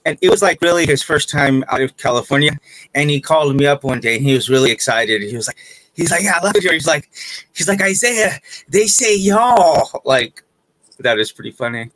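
A man's voice: mid-range voice, quick pace, a bit bright, no echo, poor audio. A man hosting a casual conversation, chatty and joking, who often stumbles over his words. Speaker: host.

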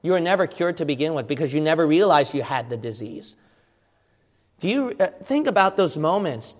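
A man preaching a sermon in an emphatic, repetitive way, with sudden loud outbursts. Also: on the high side, very animated, fairly quick. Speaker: pastor. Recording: long hall reverb.

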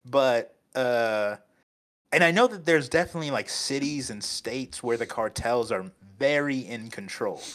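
A man's voice: mid-range voice, lively intonation, a little slow, a bit bright. A man co-hosting a casual podcast chat, rambling and hedging, laughing often. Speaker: podcast co-host.

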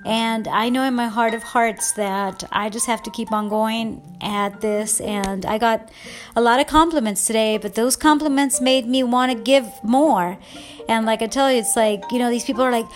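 A woman talks alone on her podcast in a casual, gushing way, often trailing into repeated wows and restarting her sentences. Her voice sits a little high. Soft music plays faintly underneath. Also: fairly even intonation, normal speed. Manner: effusive and emotional, many wows and restarts. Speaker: podcast host. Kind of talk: casual solo podcast talk.

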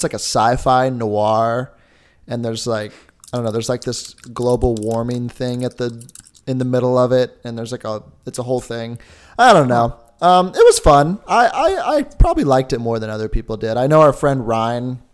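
A man's voice: medium pitch, very animated, moderate pace, smooth. Young male co-host, casual and jokey, rambles through his points. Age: young adult. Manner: rambling, jokey, lots of filler words. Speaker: podcast co-host. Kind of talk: casual chat.

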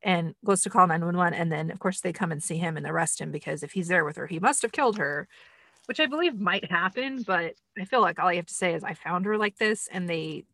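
A woman's voice: fairly low pitch, animated, quick pace, gravelly, sharp tone, no room sound. A woman reviewing a film in casual, chatty commentary, sarcastic and full of fillers.

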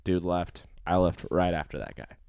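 A man's voice: low voice, lively intonation, moderate pace, gravelly, a little mellow, smooth, no echo, studio quality. A young man telling a long personal story in casual chat, profane and rambling, full of fillers.

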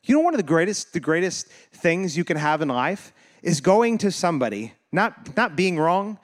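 With a high-sitting voice that swings widely in pitch at a moderate pace, a man delivers a sermon as pastor. His style is relaxed and animated as he jokes and laughs with his congregation and performs the voices he quotes.

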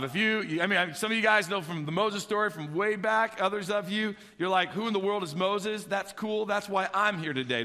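A middle-aged man preaching a sermon as a pastor, telling stories with animated energy and acting out childhood voices. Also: high-pitched. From Illinois. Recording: echoey church hall.

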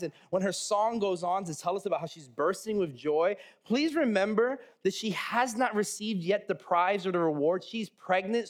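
High-voiced casual man preaching. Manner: casual, joking, with many restarts and asides. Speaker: pastor. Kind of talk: sermon.

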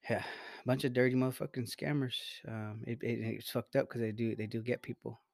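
A man's voice: medium pitch, level tone, fairly quick, vocal fry, a little mellow, dry recording. A man co-hosting a podcast in casual, profane chat, rambling with many restarts. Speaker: podcast co-host.

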